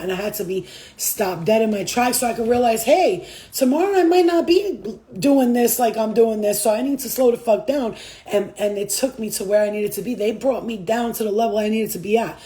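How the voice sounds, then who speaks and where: Profane, animated woman with a warm voice. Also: fairly high pitch, brisk. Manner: loose, profane, laughing, acts out voices. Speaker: spiritual reader. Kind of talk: casual spiritual vlog talk.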